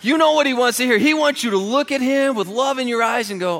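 A man preaching a sermon with humorous stories, talking in an animated way and acting out comic voices. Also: extremely high pitch, fast talker, few pauses, long reverb tail. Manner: quiet and hushed while praying. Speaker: pastor.

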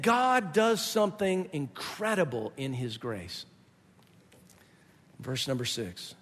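A man's voice: a little high, expressive, slow pace, pauses often, fairly bright tone, slightly rough. A male pastor preaching a sermon in an emphatic, explanatory way. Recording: long reverb of a large hall.

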